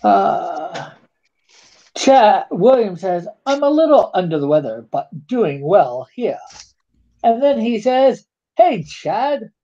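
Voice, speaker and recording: A man's voice: high voice, very animated, slow pace, dark tone, highs cut off. A man hosting a live stream in casual chat, reading viewer comments aloud, rambling and stumbling over his words.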